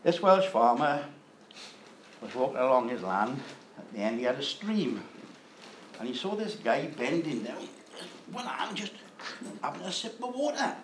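A man preaching, who tells a joke and then reads scripture in a measured, unhurried way. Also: medium pitch, sing-song, slight background noise. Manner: measured, unhurried reading with throat clearing. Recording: echoey room.

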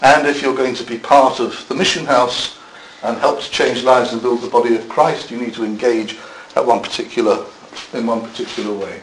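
A man's voice: mid-range voice, fairly even intonation, normal speed, a little hiss or hum, poor audio. A man preaching a sermon in a church, conversational, with self-deprecating asides.

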